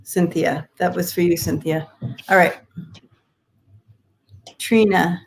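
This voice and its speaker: A woman's voice: fairly low pitch, steady tone, slow pace, creaky, slight background noise, rough recording. A woman co-hosting a live stream, giving loose, hesitant tarot readings with many fillers. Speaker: co-host and tarot card reader.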